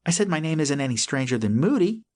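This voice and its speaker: A small, timid young opossum from a children's storybook, as a male narrator puts him on, speaking high and earnest with a lively lilt and a husky edge. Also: fast.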